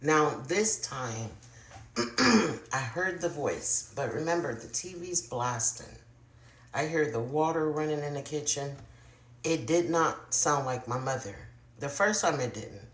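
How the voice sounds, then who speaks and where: An adult vlogger telling a personal paranormal story to camera in a confiding, casual way, often speaking straight to viewers and sometimes dropping to a hushed murmur. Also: medium pitch, animated, slow pace, echoey room.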